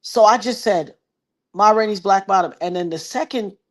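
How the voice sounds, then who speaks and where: On a relaxed livestream, a woman in her fifties with a mid-range voice recounts her own experience at a moderate pace. She performs the voices of the people in the story and speaks of God and prophecy with a preacher's fervor.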